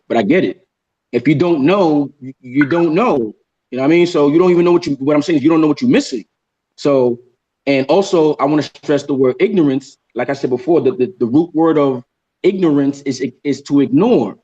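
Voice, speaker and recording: A man on a casual livestream panel, talking emphatically, repeating key phrases and slowing down to stress sayings. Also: fairly high pitch, dark tone. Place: in a jungle. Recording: dull lo-fi sound.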